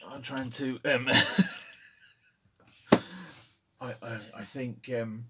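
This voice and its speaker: A man's voice: mid-range voice, fairly even intonation, very slow, heavy background noise. A middle-aged man hosting a casual opinion vlog. He rambles and hesitates, with many fillers. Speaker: channel host.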